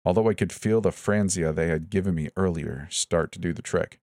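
A man reads a first-person horror story in a very deep voice, steady and even. The recording is close and dry, without room sound. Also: brisk, no room sound. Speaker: narrator.

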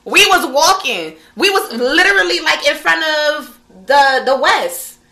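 A young woman from the Hartford, Connecticut area chatting casually with her best friend. Her voice sits high and sounds sharp and bright. She tells the story in an animated, profane way, laughing between lines. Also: measured pace. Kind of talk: casual chat.

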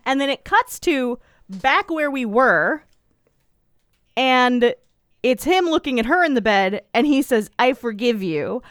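A woman's voice: sits high, animated, slow pace, pauses often, a bit bright, no room sound, studio quality. A woman co-hosting a casual podcast, recapping a TV episode, swearing freely and acting out the scenes in quoted voices. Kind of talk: casual chat.

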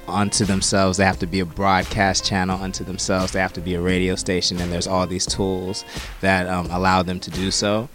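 A man talking as a musician guest in a casual interview, laid-back and reflective. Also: low-pitched.

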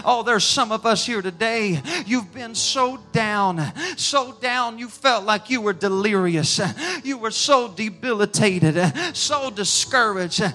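A man preaching an emotional sermon in a church sanctuary, swinging between hushed and fervent as he leads an altar call. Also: sits high, unhurried. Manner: emotional, rising and falling intensity, speaks in tongues. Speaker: pastor.

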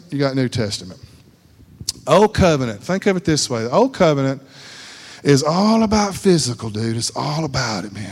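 Folksy man preaching in reverb. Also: on the high side. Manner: folksy, conversational, repeats phrases for emphasis. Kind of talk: informal sermon. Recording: long hall reverb.

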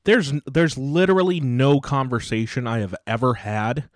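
A man co-hosting a podcast, giving his opinion in a measured way in casual chat. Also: mid-range voice, dry recording, clean studio sound. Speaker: podcast co-host.

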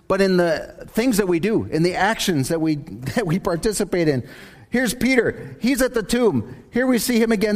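Male pastor, fairly high voice, chatty sermon with jokes. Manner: conversational, joking asides.

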